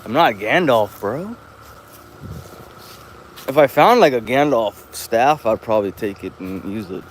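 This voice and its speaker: A man's voice: mid-range voice, expressive, unhurried, a little hiss or hum. Rambling, cursing man vlogging outdoors. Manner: profane, chatty storytelling. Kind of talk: casual rambling walk-and-talk. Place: outdoors, walking around an open lot.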